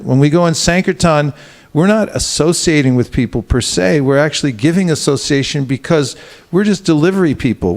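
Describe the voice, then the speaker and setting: A man giving a sermon as a spiritual teacher, speaking conversationally with frequent fillers and stories. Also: a little high. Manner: conversational, storytelling with filler words.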